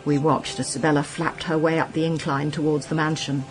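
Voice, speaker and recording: A woman narrating a story in the first person, crisp and wry. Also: low voice, level tone, brisk, soft background music, rough recording. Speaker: audiobook narrator.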